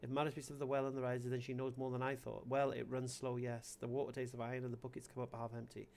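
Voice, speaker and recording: A man voicing a wary, guarded male village elder in a game, reading the elder's lines aloud in a measured way. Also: mid-range voice, monotone, gravelly, a little mellow, slight background noise, close to an everyday voice.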